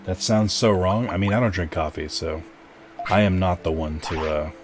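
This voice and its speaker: A man's voice: low-pitched, steady tone, normal speed, background noise. A man streaming a game and chatting with viewers in a rambling, casual way, full of fillers and restarts. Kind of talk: casual live-stream chat while gaming.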